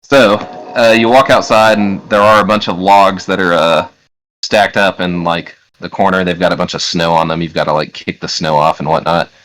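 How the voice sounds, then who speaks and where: A man narrating as game master for a tabletop game, describing scenes in a relaxed, halting way with many fillers. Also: sits low, rough recording.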